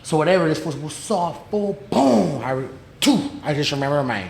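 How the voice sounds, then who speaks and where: A man's voice: a little high, sing-song, quick pace, creaky, a little mellow. A man, telling a story in a casual podcast chat, slangy and profane, acting out the voices of the people in it. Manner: slangy and profane, retelling with quoted dialogue. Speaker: podcast guest. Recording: echoey room with faint noise.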